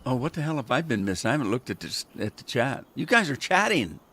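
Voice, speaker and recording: A man's voice: mid-range voice, big pitch swings, fast, a bit bright, husky. An older American man chatting and telling rambling stories while he streams a farming game, often chuckling. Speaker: gaming livestreamer. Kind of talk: casual chat while playing.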